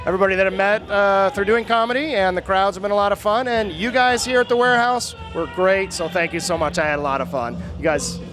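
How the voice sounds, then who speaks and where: A male stand-up comedian closing his set with halting thanks on stage at a live venue. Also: sits high, over music. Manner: halting, thankful, filler-heavy.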